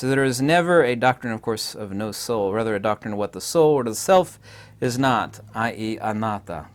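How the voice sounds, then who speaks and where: Emphatic man lecturing with insistent repetition. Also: medium pitch. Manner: frequent hesitations with uh and restarts. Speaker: lecturer on philosophy. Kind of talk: unscripted spoken lecture.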